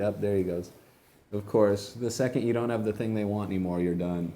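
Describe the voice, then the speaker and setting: A man's voice: lowish voice, moderate pace, mellow. A young man rambling and joking in a casual comedic monologue while feeding animals.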